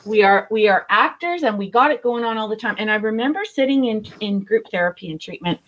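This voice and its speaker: A middle-aged woman, a guest author in recovery, telling her story candidly, blunt and animated, swearing freely. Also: on the high side, a little fast, highs cut off, slight background noise.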